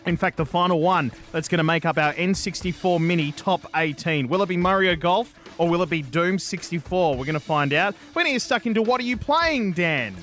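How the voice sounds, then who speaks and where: An upbeat man opens a gaming podcast and rattles through the segments coming up. His voice is pitched high, with a faint music bed running under it. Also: lively intonation, brisk, hardly any pauses, a bit bright. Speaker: podcast host. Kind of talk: podcast intro.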